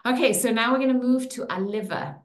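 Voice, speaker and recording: A woman leading a guided affirmation exercise online, stretching out affirmations slowly with playful asides. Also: on the high side, reverberant. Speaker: workshop leader.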